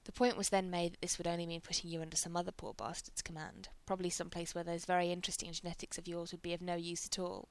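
A woman's voice: fairly low pitch, flat delivery, quick pace, few pauses, natural voice. A woman voicing a laid-back, sardonic male general in a read-aloud story.

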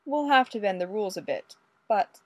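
A woman voicing a courtly, mild old male Mountie with a polite, unhurried, old-fashioned manner. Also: mid-range voice, big pitch swings, no room sound. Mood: genial.

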